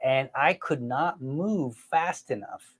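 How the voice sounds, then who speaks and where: A middle-aged man hosting a podcast, telling a family story in an animated, self-mocking way and talking straight to his listeners. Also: medium pitch, slow, slightly rough. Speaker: podcast host. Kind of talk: casual storytelling chat.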